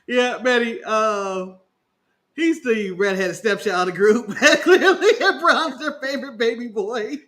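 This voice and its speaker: A man with a very high, bright voice, chatting casually about wrestling and cracking jokes. He laughs often as he co-hosts the show. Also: a little slow. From United States. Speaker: podcast co-host. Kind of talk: casual wrestling review chat.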